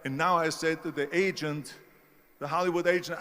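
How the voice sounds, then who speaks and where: A man's voice: a little high, steady tone, moderate pace, sharp tone, long reverb tail. A man with a German accent giving an emphatic motivational speech, telling stories with force. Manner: emphatic storytelling. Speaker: speaker.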